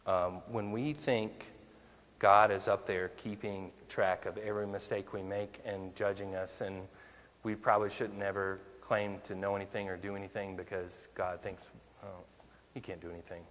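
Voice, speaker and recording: A man's voice: lowish voice, flat delivery, normal speed, fairly bright tone, big-room sound. A male minister preaching a conversational sermon, full of rhetorical questions to the congregation.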